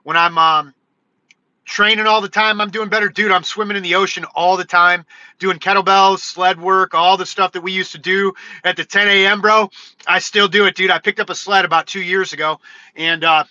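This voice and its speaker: A man hosting his own livestream, chatting loosely and excitedly with viewers, full of "dude" and "bro". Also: high-pitched, moderate pace, dry recording, highs cut off. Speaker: livestream host. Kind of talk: casual livestream chat.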